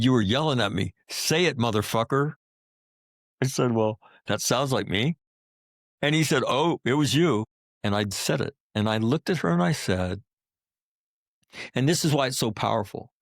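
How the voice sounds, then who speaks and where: A middle-aged Marine combat veteran tells stories in a candid podcast interview, blunt and profane, driving his points home by repeating phrases. His mid-range voice is animated and moves at a moderate pace. The recording is clean studio sound with no room noise.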